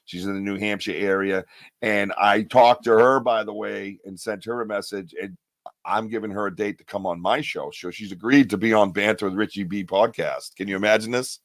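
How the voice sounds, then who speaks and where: A man's voice: fairly low pitch, steady tone, a little fast, no room sound. A man hosting a live podcast, chatting loosely, joking and rambling in slang. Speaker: podcast host. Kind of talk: casual live-stream chat.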